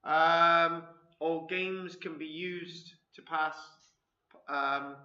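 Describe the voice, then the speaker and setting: A man's voice: fairly high pitch, steady tone, extremely slow, pushed and bright. A man giving an informal lecture to an audience, chatty and self-deprecating, wandering into anecdotes. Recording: echoey room, dull lo-fi sound.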